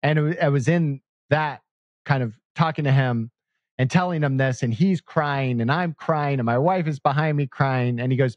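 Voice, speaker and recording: A man, a guest on an interview podcast, telling a personal story in an animated, emphatic way. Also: mid-range voice, normal speed, dry recording, muffled recording.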